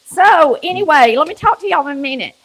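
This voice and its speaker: A woman's voice: high-pitched, lively intonation, fairly quick, background noise. A woman with a country Southern accent hosting a cooking show, chatting folksily to viewers while she cooks in her kitchen. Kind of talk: casual cooking chat to viewers. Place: home kitchen.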